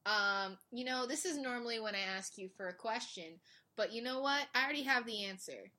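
A woman co-hosting a casual podcast about animation, teasing and joking in a playful, deadpan way. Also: on the high side, fairly quick. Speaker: podcast co-host.

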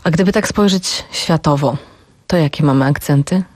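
A woman's voice: sits low, a little fast, a little mellow, no echo. A woman on a radio show, co-hosting and steering the chat with prompting questions. Her voice sounds dry and close to the mic, with little room sound. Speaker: radio co-host. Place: radio studio.

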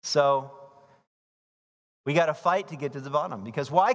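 A man preaches in a lively, animated way, his voice sitting high for a man. He acts out the people in the story and shouts for emphasis, and the sound hangs in the long reverb of a big hall. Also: normal speed. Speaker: pastor. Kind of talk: expository sermon.

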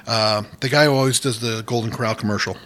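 A man from New England, guest on a radio show, chatting casually and laughing between quick jokes. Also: mid-range voice, fairly even intonation, a bit bright. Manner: laughing, joking, doing quick impressions. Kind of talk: casual chat.

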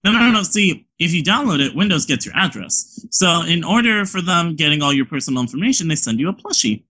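A man's voice: fairly high pitch, sing-song, fast, bright, forceful tone, husky, rough recording. A man co-hosting a casual chat over a call, playful and joking along. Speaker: podcast co-host.

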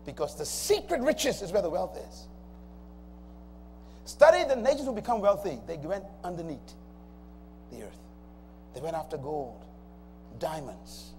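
Calling out to his congregation, a male pastor delivers an emphatic call-and-response sermon. He speaks on the high side with a darkish tone, captured with long hall reverb and some faint noise.

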